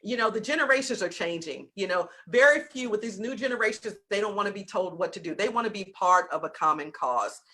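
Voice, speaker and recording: A woman with a Southern US accent giving an animated business talk over a video call, acting out little scenes in other voices. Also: medium pitch, a little fast, hardly any pauses. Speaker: business coach.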